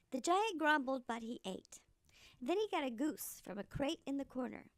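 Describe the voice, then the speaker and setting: Animated woman reading a storybook aloud. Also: sits high, moderate pace, no echo.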